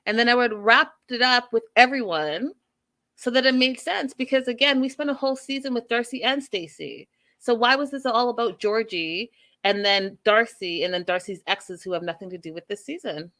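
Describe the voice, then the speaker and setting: A woman hosting a podcast, giving an animated, emphatic, chatty recap of a reality show. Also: fairly high pitch, moderate pace. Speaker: podcast host. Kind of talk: casual TV recap commentary.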